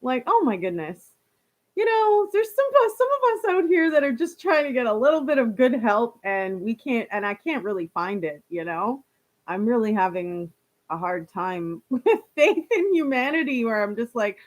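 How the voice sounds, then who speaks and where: A woman's voice: mid-range voice, very animated, normal speed. A woman chatting casually on a live stream, reading viewer comments aloud and laughing often.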